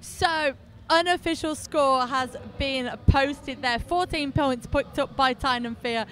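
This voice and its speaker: Chatty high-voiced woman announcer. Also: slow, fairly bright tone. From England. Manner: chatty, giggly, self-mocking. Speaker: roller derby announcer. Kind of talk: live sports commentary.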